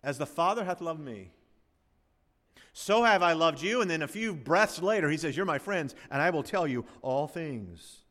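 A man's voice: fairly high pitch, animated, moderate pace, fairly bright tone, in a large hall. A male pastor preaching a sermon to his congregation, emphatic and full of rhetorical questions. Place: church sanctuary.

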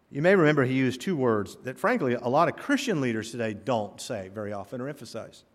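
A man preaching a sermon, telling stories with humor and driving home emphatic points. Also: mid-range voice. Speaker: pastor. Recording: long reverb of a hall.

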